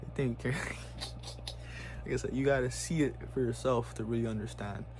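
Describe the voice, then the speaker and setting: Speaking a little slowly in a mid-range voice with fairly even intonation, a man vlogs a heated, casual rant. His profane slang is thick, and fillers like "bro" and "you know what I'm saying" come up again and again.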